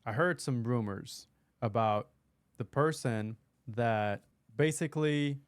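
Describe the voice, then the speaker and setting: A man's voice: medium pitch, slow pace, clear, resonant tone, dry recording. A man co-hosting a casual podcast, talking loosely with many fillers and laughs into a close microphone. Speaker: podcast co-host.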